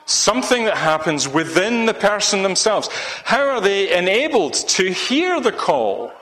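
Guy preaching, bright tone, lots of ums and restarts, long hall echo. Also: high-pitched, very animated, measured pace. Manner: rambling, with many restarts and fillers. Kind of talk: sermon.

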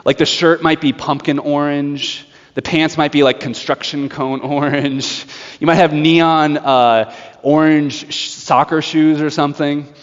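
A man preaching a sermon, telling a story in a lively way with laughs and acted-out voices. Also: on the high side, unhurried. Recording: dull sound with long hall reverb.

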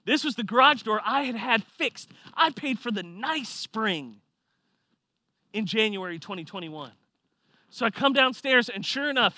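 A man preaching a sermon, telling a personal story with lively swings from quiet reflection to loud excitement. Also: sits high, no echo. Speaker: pastor.

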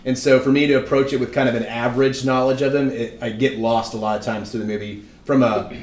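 A man's voice: medium pitch, steady tone, fast talker, a little mellow. A young man co-hosting a podcast, talking in a rambling, easygoing way. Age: young adult. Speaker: podcast co-host. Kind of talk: casual chat. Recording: echoey room.

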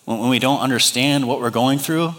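A man's voice: mid-range voice, a little fast, a bit bright. A man in his thirties preaching a sermon, telling a family story and acting out the voices in it. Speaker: pastor. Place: large church hall. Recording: long hall reverb.

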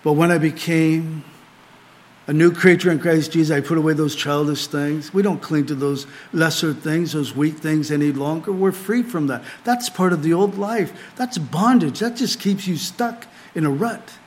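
A man's voice: a little high, moderate pace, a little hiss or hum. Earnest middle-aged male pastor preaching. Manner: earnest preaching, rising emphatic then dropping to quiet asides. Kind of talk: sermon. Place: small group gathering.

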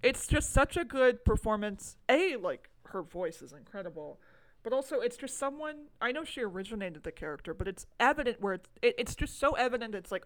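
A woman's voice: a little high, big pitch swings, brisk, dry recording, poor audio. A woman co-hosting a casual movie podcast, chatting with enthusiasm and lots of fillers and asides. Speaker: podcast co-host.

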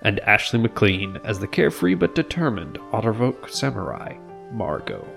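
A man's voice: lowish voice, very animated, normal speed, creaky. A man reading a theatrical scripted introduction in a storyteller's manner, addressing the listener as a traveler. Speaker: show narrator. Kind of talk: scripted narration. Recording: music bed behind voice.

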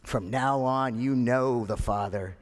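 A man voicing Jesus as a calm, loving teacher, speaking slowly and softly in a sermon. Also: mid-range voice, long reverb tail, natural voice. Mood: solemn. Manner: slow, soft, solemn.

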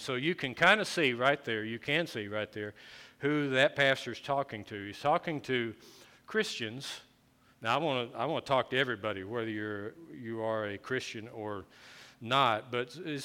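A man's voice: medium pitch, normal speed, sharp tone. A man preaching a conversational sermon, often restarting his phrases as he explains the scripture. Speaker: pastor.

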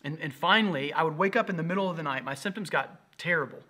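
A male pastor in his thirties preaches with earnest, animated energy. His voice sits a bit high and rings bright and forceful as he tells his story. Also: fast talker. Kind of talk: sermon.

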